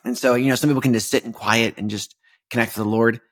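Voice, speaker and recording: A young adult man talks through his faith on a podcast. He speaks in a relaxed, conversational way, full of "like" and restarts, at an ordinary middle pitch. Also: quick pace. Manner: conversational, many fillers and restarts. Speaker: podcast host. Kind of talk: casual faith talk.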